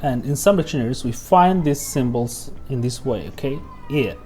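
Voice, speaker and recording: A man's voice: medium pitch, expressive, dark tone, soft background music. A man teaching English pronunciation, saying example words twice, checking in with "okay?", and stopping now and then to cough. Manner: slow, repeats example words, tags "okay?" often. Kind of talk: pronunciation lesson.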